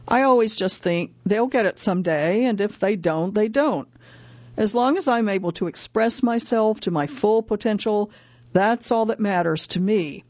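A woman's voice: mid-range voice, a little mellow, no room sound. Woman reading a magazine feature. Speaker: article reader. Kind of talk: scripted narration of a magazine feature. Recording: slightly dull, dry close recording.

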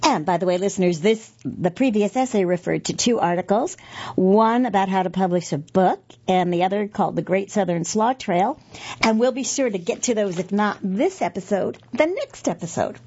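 A woman's voice: medium pitch, normal speed, dark tone, breathy edge, muffled recording. A middle-aged woman reading magazine pieces aloud for a podcast, chatty and correcting herself with asides.

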